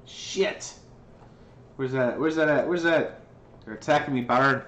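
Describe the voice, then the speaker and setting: A man giving excitable, jokey gameplay commentary, swearing now and then. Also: mid-range voice, a little fast, dull audio. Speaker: gamer. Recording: roomy sound with background noise.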